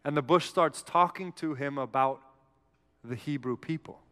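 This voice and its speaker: Earnest preacher in a reverberant hall. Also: male voice, a little high, normal speed. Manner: earnest, animated storytelling, acts out a whiny Moses. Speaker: pastor. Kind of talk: sermon.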